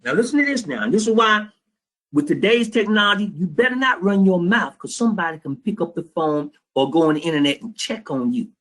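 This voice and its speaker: A man's voice: high voice, animated, fairly quick, a bit bright. A man teaching a trading class, telling a blunt, profane story and acting out both sides of a phone call. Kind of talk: storytelling lecture to students.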